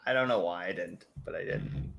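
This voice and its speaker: A man's voice: low voice, normal speed, gravelly, fairly bright tone, lo-fi sound. A young man hosting a casual chat show, rambling, swearing and laughing as he talks. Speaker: host.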